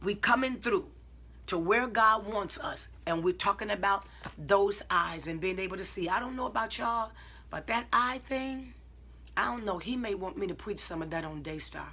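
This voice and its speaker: Bright, husky-voiced woman preaching. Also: mid-range voice. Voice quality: emphatic storytelling, acting out her own side of conversations. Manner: swings from calm self-talk to loud, drawn-out exclamations. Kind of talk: informal preaching to online viewers.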